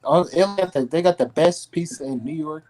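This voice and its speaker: Chatty, higher-voiced man from California. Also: warm tone. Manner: agreeable, with quick interjections and repeats. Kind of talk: casual sports chat.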